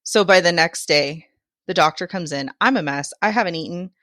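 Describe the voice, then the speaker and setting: Low-pitched woman telling her birth story, candid, laughs through the rough parts, dry mic. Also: moderate pace, sharp tone, no echo. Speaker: podcast guest.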